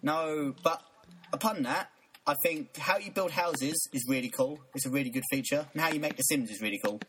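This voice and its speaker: A man's voice: a little high, brisk, a bit bright, a little hiss or hum, low-quality recording. Chatty young man on a podcast. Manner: chatty, laughs often, playful. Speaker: podcast co-host. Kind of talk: casual podcast chat about video games.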